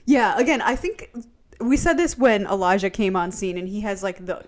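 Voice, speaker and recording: Woman, podcast co-host, casual chat, agreeable, mid pitch. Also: lively intonation. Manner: agreeable, quick affirmations, laughs along.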